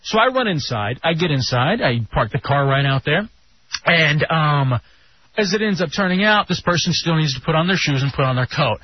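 A man co-hosting a radio show, telling a story in a casual, animated way and jumping up in pitch when he gets indignant. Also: normal speed, slight background noise. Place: radio studio. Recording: dull lo-fi radio broadcast.

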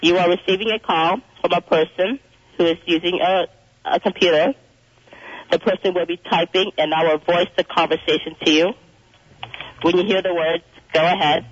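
A man's voice: high voice, moderate pace. Businesslike relay operator man on phone. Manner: flat, businesslike. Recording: muffled phone line on radio.

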